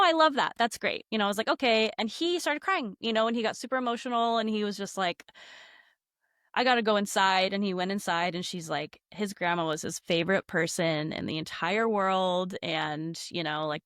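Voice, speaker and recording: A woman's voice: medium pitch, brisk, smooth, no echo, studio quality. A woman guest on a podcast telling a ghost story casually, acting out quotes and saying "like" a lot. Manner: animated, acts out quotes, many "like" fillers.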